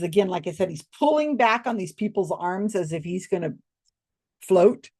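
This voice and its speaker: Showing old photos at home, an older woman tells casual stories to the camera in a medium-pitched, slightly mellow voice. She's chatty and laughs often, acting out people's reactions as she goes.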